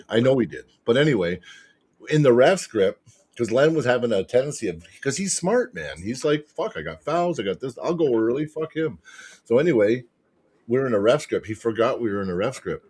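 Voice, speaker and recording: A man telling a match story as a podcast guest, excitable and swearing constantly. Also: mid-range voice, a little fast, breathy edge. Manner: excitable, profanity-heavy retelling. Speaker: podcast guest, arm wrestler. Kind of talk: casual storytelling chat.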